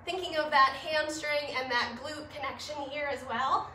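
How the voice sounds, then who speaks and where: A woman fitness instructor guiding a gentle home workout, upbeat and encouraging, a little winded, recorded in her living room. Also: high-pitched, moderate pace, slight background noise. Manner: upbeat, encouraging, laughs at herself. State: slightly winded. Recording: echoey room, mic at a distance.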